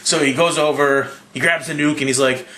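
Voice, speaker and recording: A slightly drunk young man recapping a movie in a rambling, profane, excitable way. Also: fairly high pitch, a little fast, roomy sound, a little hiss or hum. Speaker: movie reviewer.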